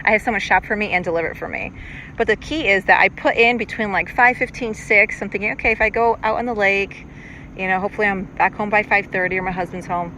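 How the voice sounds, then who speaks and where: A woman's voice: medium pitch, quick pace, bright, forceful tone, low-quality recording. Middle-aged woman rambling about her day on a lake, phone mic, boats roaring past in the background. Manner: rambling and chatty, self-reflective. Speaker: podcast host. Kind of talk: casual monologue. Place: outdoors on a lake, on a paddleboard. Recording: outdoor lake recording with boat noise. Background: boats passing on the water.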